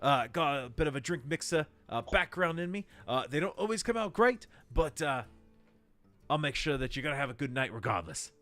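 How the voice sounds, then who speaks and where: Man voicing a loud cocky gnome barkeep, high voice, faint music behind. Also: very animated, brisk. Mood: brash. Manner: loud, brash, calls people son. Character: gruff male gnome barkeep, brash and cocky.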